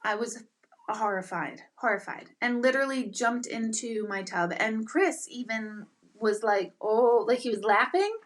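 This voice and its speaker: Woman, middle-aged, livestream host, casual chat, excitable, animated storyteller, fairly high voice. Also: a little slow. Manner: animated, excitable storytelling with bursts of loud exclamation.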